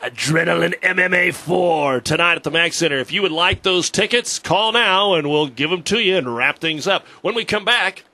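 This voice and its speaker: A male sports radio host talks casually, often stopping and restarting his sentences. His voice is bright, and a touch high. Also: animated, normal speed, hardly any pauses, no echo.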